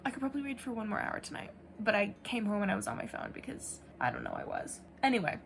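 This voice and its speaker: A woman's voice: mid-range voice, very animated, fast talker, creaky, a little hiss or hum. A young woman chatting casually in a reading vlog at home, rambling with lots of likes. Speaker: book vlogger.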